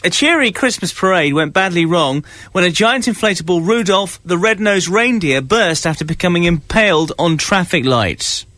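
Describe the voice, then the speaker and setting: A man's voice: high voice, expressive, normal speed, hardly any pauses, bright, forceful tone, no echo. A man from England, hosting a breakfast radio show and teasing his co-host while reading news in mock-dramatic tones. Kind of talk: casual radio banter.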